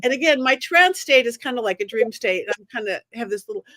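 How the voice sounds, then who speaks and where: A woman guest, a medium, telling her story in an animated way and acting out the voices of the people in it. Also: a little high, fairly quick, no room sound. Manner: expressive, acts out quoted voices.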